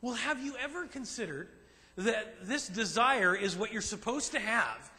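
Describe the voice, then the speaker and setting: A man pastor preaching a sermon to a men's group, emphatic and animated, slipping into acted asides. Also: sits high, unhurried. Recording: long reverb in a large hall.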